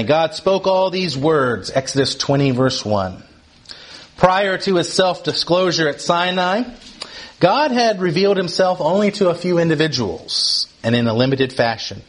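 A man's voice: medium pitch, breathy edge. A man giving Bible teaching, explaining a text and putting questions to his listeners.

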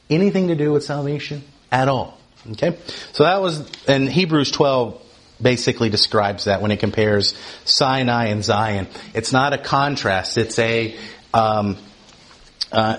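Animated man teaching the Bible. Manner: animated, often asks "right?", rises in pitch for emphasis.

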